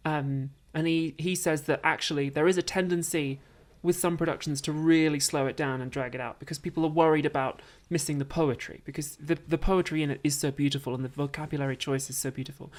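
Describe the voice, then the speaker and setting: A woman with a low-pitched voice chatting as a guest on a talk show. She talks in an animated, enthusiastic way, building energy as she explains a point. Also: fairly quick, few pauses. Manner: animated, enthusiastic about theatre. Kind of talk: casual chat.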